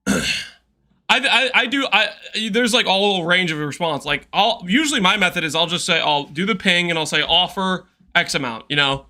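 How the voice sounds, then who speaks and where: A male streamer chatting casually over his game, rambling, repeating phrases and breaking into laughter. His voice sits fairly high and has a very bright, sharp edge. He talks loosely, the way someone does to a live chat. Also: animated, normal speed.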